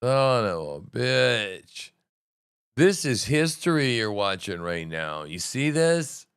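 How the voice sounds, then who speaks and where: A man hosts a livestream and reacts to what he is watching in real time, cursing freely. He swings between loud, excited outbursts and low muttering. His voice is smooth and clear, recorded dry and close with no room sound. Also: slow pace, dry recording. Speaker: livestream host. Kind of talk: live reaction commentary.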